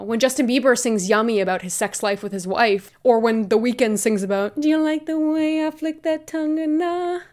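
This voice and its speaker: A young woman giving casual, opinionated commentary on her vlog, laughing often and reading posts aloud. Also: mid-range voice. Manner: chatty, laughs often, reads tweets aloud. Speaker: commentary YouTuber.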